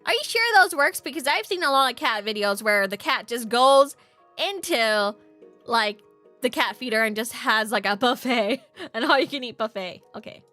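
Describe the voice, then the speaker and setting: Playful woman streamer, bright voice. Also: fairly high pitch, normal speed, soft background music. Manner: playful, chatty. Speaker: streamer playing a game. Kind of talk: reading game dialogue and chatting.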